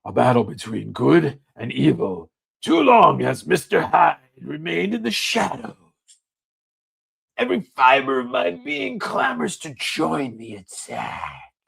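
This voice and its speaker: A man's voice: mid-range voice, huge pitch swings, unhurried, creaky, fairly bright tone, slightly rough, full character voice. A man voicing a brooding male villain hungry for battle in a dramatic comic panel reading, with a theatrical, menacing delivery.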